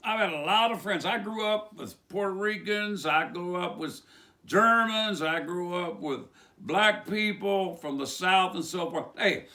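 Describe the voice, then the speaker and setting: A man's voice: high-pitched, a little slow, sharp tone. A man from West Virginia with a West Virginia accent, preaching an informal sermon in a rambling way full of rhetorical questions.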